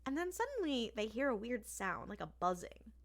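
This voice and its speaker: A woman's voice: fairly high pitch, moderate pace. A woman co-hosting a podcast, chatting casually as she retells an episode and acts out the lines. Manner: animated retelling with quoted lines. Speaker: podcast co-host. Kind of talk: casual recap chat.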